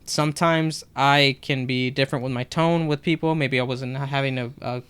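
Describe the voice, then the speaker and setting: Young male podcast co-host, animated storyteller, clean resonant voice. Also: medium pitch, moderate pace, clean tone. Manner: animated, acts out customers' lines in retelling. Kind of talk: casual storytelling chat.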